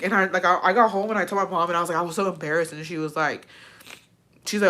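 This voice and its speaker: Bright-voiced young woman telling a story. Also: fairly low pitch, fairly even intonation, quick pace. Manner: profane, emotional, tearful at times. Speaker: vlogger. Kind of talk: casual storytelling.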